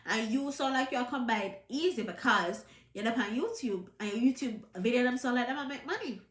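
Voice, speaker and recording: A woman's voice: fairly high pitch, animated, a little fast, reverberant. A Jamaican woman with a trace of a British accent, giving an emphatic, scolding commentary to camera in patois. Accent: Jamaican, with some British. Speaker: vlogger.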